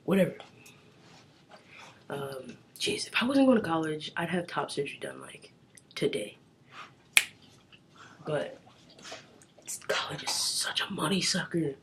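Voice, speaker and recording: A man's voice: on the high side, expressive, unhurried, gravelly, pauses often, very noisy. A young man chatting casually to the camera in his bedroom, rambling with lots of filler words and casual swearing. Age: young adult. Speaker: vlogger.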